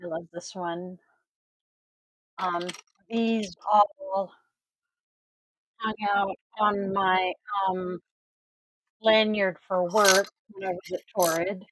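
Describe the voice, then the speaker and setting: A woman's voice: medium pitch, steady tone, drawn-out words, pauses often, rough recording. A woman chatting casually to her viewers while setting up a tarot reading, sleepy and groggy, easygoing and self-deprecating.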